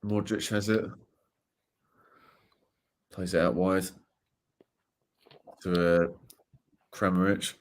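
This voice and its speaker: A fairly low-pitched man gives live play-by-play during a watchalong. His delivery is relaxed and chatty, with fillers between the names. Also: slow, pauses often. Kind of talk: live match commentary and casual chat.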